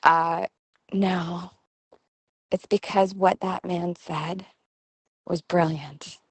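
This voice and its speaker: A middle-aged woman hosting a podcast, telling a personal story in a lively way and acting out the voices of people she quotes. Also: lowish voice, very slow, breathy edge, no room sound. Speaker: podcast host. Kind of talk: storytelling monologue.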